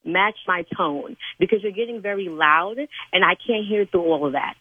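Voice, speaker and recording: A woman on a phone call, firmly demanding a calmer tone, later cursing and laughing. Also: mid-range voice, brisk, husky, dry recording. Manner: firm, then cursing and laughing. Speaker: church sign-language interpreter, prank call target.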